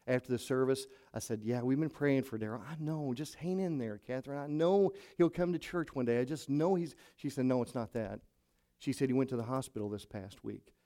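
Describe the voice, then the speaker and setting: A man's voice: mid-range voice, fairly quick, dark tone. A middle-aged male pastor telling a story from the pulpit, acting out each person's lines as he retells the conversations. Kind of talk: sermon storytelling.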